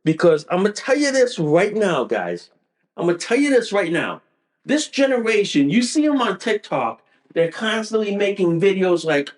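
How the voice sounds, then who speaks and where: A man's voice: high-pitched, very animated, normal speed. A male podcast host delivering a profane, repetitive political rant in an emphatic tone.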